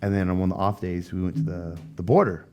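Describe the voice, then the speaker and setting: A man in his thirties from the United States, telling a story in casual chat as a podcast guest, animated and acting out the voices of the people he quotes. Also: low-pitched, fast talker, slight background noise.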